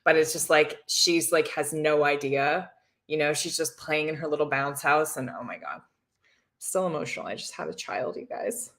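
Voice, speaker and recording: Low-voiced chatty woman livestreaming. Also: normal speed, fairly bright tone. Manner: chatty and giggly, reads viewer comments aloud. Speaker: livestream host reacting to a reality show. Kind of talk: casual livestream commentary.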